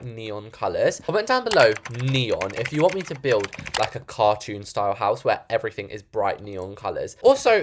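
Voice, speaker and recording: A woman with an English accent talks through a game build in a chatty, teasing way. Her voice sits very low yet swings up and down with lively intonation, full of playful asides. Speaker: YouTuber building houses in a game.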